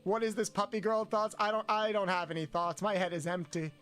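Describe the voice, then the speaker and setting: A streamer chatting casually with chat during gameplay, given to loud, swearing outbursts. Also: mid-range voice, little pitch movement, fairly quick, clear, resonant tone, soft background music.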